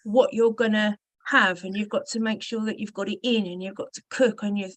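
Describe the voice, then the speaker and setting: A woman's voice: mid-range voice, fairly even intonation, fairly quick, fairly bright tone, dry recording, low-quality recording. A woman hosting a casual interview, chatty and thinking aloud with tag questions. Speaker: interview host.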